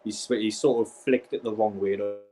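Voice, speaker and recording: A man's voice: fairly low pitch, steady tone. A young man, giving exasperated, sweary live reaction commentary as a football fan streaming a match. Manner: exasperated, sweary, fast-shifting rants.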